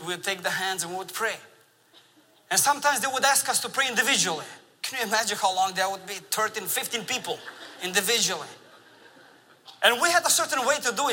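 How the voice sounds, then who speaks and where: A man with a bright, high-pitched, husky voice preaches a sermon in a large church sanctuary, telling stories animatedly with laughs. The recording carries the long reverb of a large church hall.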